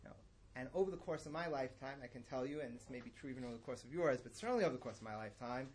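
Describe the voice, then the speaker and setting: A man's voice: medium pitch, expressive, very fast, a little mellow, slight background noise. A middle-aged man giving a religious lesson in a conversational, digressive and emphatic way. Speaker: religious teacher. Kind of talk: lecture-style lesson.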